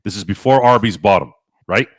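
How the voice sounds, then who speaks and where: A man hosting a podcast, telling stories in casual chat, animated and profane, acting out his own past lines. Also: lowish voice, a little fast, no echo, studio quality. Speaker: podcast host.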